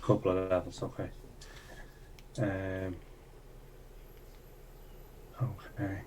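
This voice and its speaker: A man playing a tabletop game, speaking in character in a formal, measured way. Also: low voice, little pitch movement, background noise. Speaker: player.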